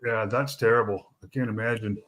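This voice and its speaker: A man's voice: lowish voice, fairly even intonation, a little fast, fairly bright tone. A middle-aged man, hosting a casual chat and rambling through his points with fillers and restarts.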